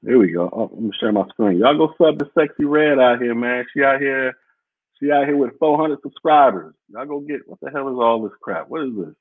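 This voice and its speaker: Husky man on muffled, phone-like audio. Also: mid-range voice, a little fast, dry recording. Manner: rambling, blunt, profane. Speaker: podcast host. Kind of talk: casual livestream chat reading viewer comments.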